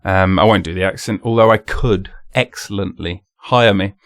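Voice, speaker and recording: A man's voice: sits low, normal speed, few pauses. A man hosting his own podcast, chatting casually and rambling with self-mocking jokes and silly voices. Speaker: podcast host. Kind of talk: casual solo monologue.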